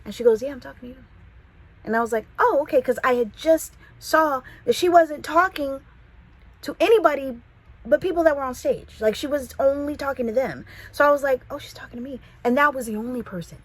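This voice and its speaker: A woman from the San Fernando Valley with a Californian accent, telling a casual storytime vlog in a chatty, animated way. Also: high-pitched, a little fast, rough recording. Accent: Californian English. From Los Angeles, the Valley. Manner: chatty, animated, quotes people in voices.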